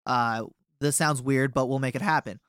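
Rambling young man, smooth dry voice. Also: medium pitch, steady tone, normal speed, fairly bright tone, no room sound. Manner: rambling, many fillers. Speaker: touring band member. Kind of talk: casual storytelling.

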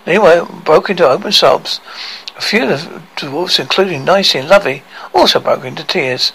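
Man reading a funny storybook aloud, pretty high voice, lively, gravelly edge. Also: moderate pace, low-quality recording. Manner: animated, expressive reading with occasional stumbles. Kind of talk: storybook read-aloud narration.

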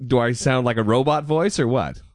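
A man's voice: medium pitch, brisk, no room sound, clean studio sound. A man hosting a podcast in loose, joking, profane casual chat. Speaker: podcast host.

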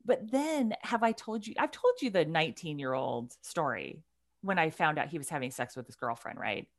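A woman in her forties telling a family story in casual chat, blunt and animated, swearing freely and restarting her telling. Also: low voice, moderate pace.

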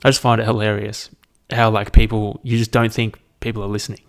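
A man's voice: fairly low pitch, little pitch movement, a little fast. A young man, rambling and swearing casually as he hosts a solo podcast. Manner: rambling, sweary, self-deprecating. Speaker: podcast host.

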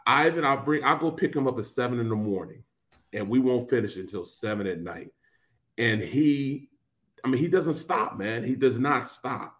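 A man's voice: medium pitch, animated, moderate pace, a bit bright. A man co-hosting a casual sports talk show, easygoing and full of "man" and "bro". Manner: laid-back, peppers talk with "man" and "bro". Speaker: co-host. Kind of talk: casual sports radio chat.

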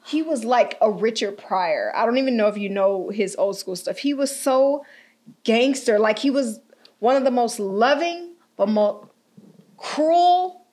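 Lively laughing young woman chatting. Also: a little high, measured pace. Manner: animated, laughs often, slangy. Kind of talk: casual chat.

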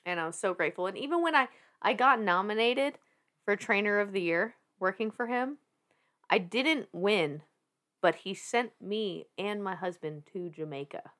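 A woman in her thirties, Southern US accent, medium pitch, normal speed: she's a podcast guest telling a story. Animated and laid-back, she laughs frequently, swears, and restarts sentences mid-thought.

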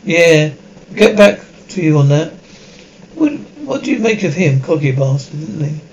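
A brisk police detective in a TV crime drama who fires off clipped, dry questions. The voice sits a little high and carries a gravelly edge. He keeps the exchanges short and businesslike. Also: lively intonation, darkish tone, lo-fi sound, slight background noise. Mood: terse.

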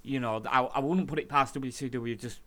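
A man co-hosting a podcast in casual chat, animated, laughing often and swearing freely. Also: medium pitch, a little fast. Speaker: podcast co-host.

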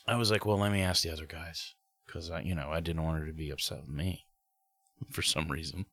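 Deep-voiced man telling a story. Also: moderate pace. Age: 30s. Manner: animated storyteller, acts out quotes in high voices. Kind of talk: casual storytelling chat.

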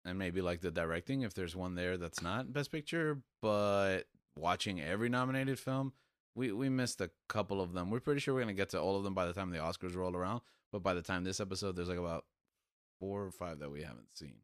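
A man hosting a casual podcast, giving relaxed, rambling explanations. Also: low voice, fairly quick, clear, resonant tone, no echo, clean studio sound. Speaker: podcast host.

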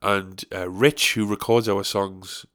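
A man's voice: fairly low pitch, fairly even intonation, takes it slowly, a bit bright. Tired, sweary man. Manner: rambling, sweary, self-deprecating. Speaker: podcast host. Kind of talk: casual solo podcast chat.

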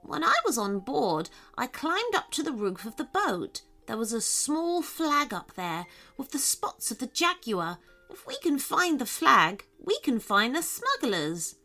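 Storybook: a woman as a small, kindly male lizard, slow and soft with a lively lilt. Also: high-pitched, soft background music, exaggerated voice. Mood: earnest.

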